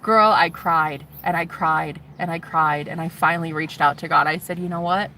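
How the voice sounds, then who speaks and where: A woman vlogger telling her personal story to camera, animated and sassy, swearing freely and calling the viewer "honey". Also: low voice, normal speed, a little hiss or hum. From United States. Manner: swears freely, shouts mocking retorts.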